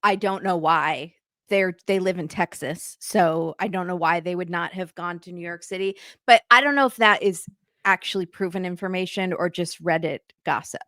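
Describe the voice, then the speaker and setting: A woman hosting a casual recap chat, telling the story with lively acted-out quotes and free swearing. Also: on the low side, moderate pace, no echo, clean studio sound. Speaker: podcast host.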